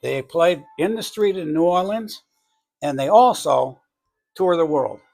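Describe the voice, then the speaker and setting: A man's voice: on the high side, expressive, measured pace, vocal fry, darkish tone, faint music behind. A middle-aged man from New England with a New England accent, casually demonstrating a cake recipe in his home kitchen, rambling and correcting himself as he goes. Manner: rambling, self-correcting, chatty asides. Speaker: home baking channel host.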